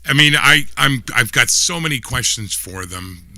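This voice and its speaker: A man's voice: medium pitch, lively intonation, normal speed, sharp tone, no echo. A man, co-hosting a casual political livestream chat, rambling with restarts and frequent laughter. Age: 50s. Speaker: livestream co-host.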